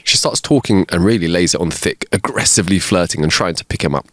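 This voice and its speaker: A man's voice: sits low, fast talker, a bit bright, no echo, clean studio sound. A young man co-hosting a podcast, chatty and digressive, laughing often as he tells jokes. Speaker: podcast co-host. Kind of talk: casual chat and joke telling.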